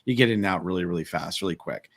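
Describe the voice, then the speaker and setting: Male podcast co-host, lower register, conversational storyteller. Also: rapid-fire. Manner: animated retelling with quoted dialogue. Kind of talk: casual panel chat, storytelling.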